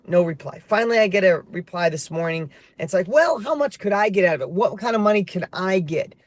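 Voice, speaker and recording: A middle-aged man talking in an animated, storytelling way from a parked car, sometimes flaring into heated emphasis. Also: sits high. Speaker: motivational vlogger. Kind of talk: casual motivational monologue.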